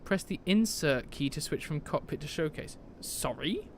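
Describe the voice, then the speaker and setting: A man's voice: on the high side, lively intonation, normal speed, vocal fry, slight background noise. A man from Britain chatting on a live stream as he shuts down a sim aircraft, laughing often and answering his chat.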